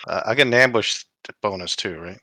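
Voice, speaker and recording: A man's voice: lowish voice, brisk, bright, forceful tone, no echo. A man playing a tabletop game with friends, joking in a folksy way. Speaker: player. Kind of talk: casual tabletop play.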